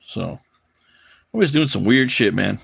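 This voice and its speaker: A man's voice: fairly low pitch, expressive, a little slow, gravelly, a bit bright, husky. A man chatting casually on a live drawing stream, loose and profane, often repeating his words as he rambles. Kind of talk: casual chat while drawing.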